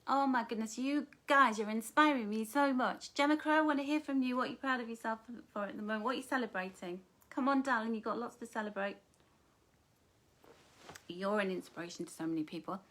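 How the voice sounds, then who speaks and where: A middle-aged woman talks on a live stream, reading out comments and answering them with terms of endearment. Her voice sits a little high for a woman. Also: brisk. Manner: warm, affectionate, calls viewers darling and my love. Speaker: author hosting a live book launch.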